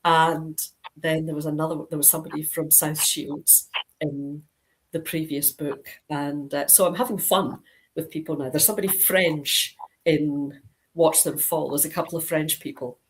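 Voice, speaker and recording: Low-voiced Scottish woman, chatty. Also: steady tone, normal speed, a little hiss or hum, poor audio. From Scotland (Dundee). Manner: chatty, rambling, frequent ums and restarts. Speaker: crime author, guest. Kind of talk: casual video-call interview. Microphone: video call.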